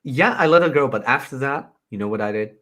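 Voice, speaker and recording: A man's voice: medium pitch, animated, quick pace, fairly bright tone. A man from the Netherlands, chatting on a podcast and telling stories with dry, teasing asides. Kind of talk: casual chat.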